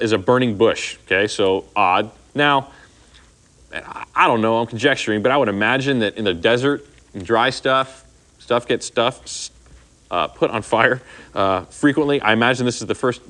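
A man's voice: mid-range voice, normal speed, fairly bright tone. A man leading an informal Bible study, talking to the group and often checking in with "okay?". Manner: conversational, says "okay?" often, acts out quoted speech. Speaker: Bible teacher.

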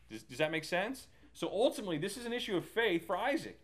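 A man's voice: sits high, sing-song, fast, few pauses. A man leading a Bible study in a casual, talkative way, with many fillers and restarts. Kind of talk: casual teaching.

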